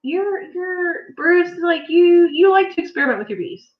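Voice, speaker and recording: A woman's voice: very high voice, moderate pace. Chatty young woman, roomy dull sound. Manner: chatty, animated, laughs often. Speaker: co-host of a farm livestream. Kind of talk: casual chat. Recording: roomy, slightly dull livestream audio.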